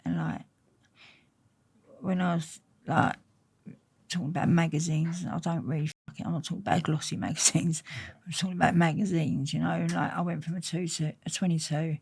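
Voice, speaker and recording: A woman's voice: sits low, level tone, brisk, creaky, darkish tone, slightly rough. A woman with an Essex accent, an interview guest telling stories bluntly and swearing freely. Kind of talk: candid casual storytelling.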